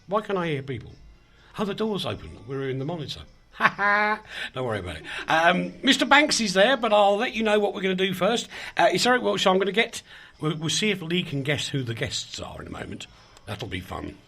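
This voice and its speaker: A man's voice: high-pitched, sing-song, brisk, creaky, sharp tone, faint music behind. A man hosting a radio show in a small studio, chatting casually and rambling in a self-mocking way. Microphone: studio microphone.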